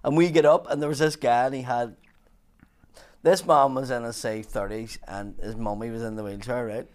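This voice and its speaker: A man's voice: mid-range voice, steady tone, moderate pace. A man with a Belfast accent telling sweary, laughing anecdotes in a casual podcast chat. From Northern Ireland.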